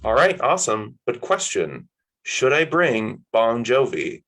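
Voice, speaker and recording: A man's voice: medium pitch, big pitch swings, measured pace, fairly bright tone, heavily acted. A man putting on a breezy young stoner woman. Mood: coaxing. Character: laid-back young woman, stoner friend.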